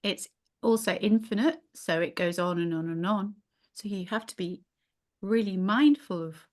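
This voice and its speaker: A woman's voice: mid-range voice, normal speed, darkish tone. A middle-aged woman teaching a yoga class, thinking aloud with frequent restarts. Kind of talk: casual teaching in a small group.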